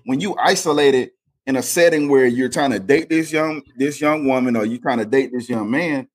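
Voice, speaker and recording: Husky-voiced man preaching in casual talk. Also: mid-range voice, normal speed. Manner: preachy, storytelling, emphatic. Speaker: podcast co-host. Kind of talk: casual faith podcast chat.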